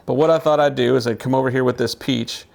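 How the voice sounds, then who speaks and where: Man, gravelly voice, medium pitch, casual show-and-tell, thinking out loud. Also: steady tone, fast talker. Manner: chatty, musing aloud, self-amused. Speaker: knife collector showing his knives. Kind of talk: casual demonstration vlog.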